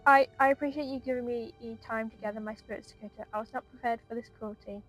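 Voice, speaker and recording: A woman's voice: a little high, steady tone, fast talker, faint music behind, lightly acted, rough recording. A woman reading aloud the lines of an earnest, resolute young noblewoman in a game.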